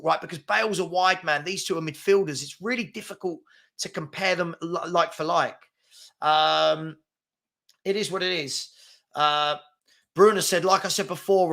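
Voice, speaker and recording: A middle-aged man chats on a daily football live stream, answering viewer comments. His voice sits a little high. He argues in an animated, exasperated way. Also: gravelly.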